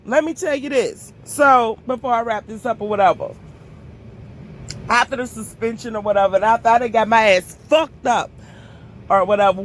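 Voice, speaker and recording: A woman telling a casual storytime vlog while walking, animated and profane, often calling her viewers "y'all". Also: fairly low pitch, slight background noise. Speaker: storytime vlogger.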